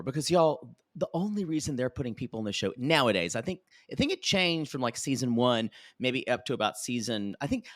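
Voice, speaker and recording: A man's voice: mid-range voice, a bit bright. A man co-hosting a casual podcast, playful and teasing, often restarting his sentences. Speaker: podcast co-host.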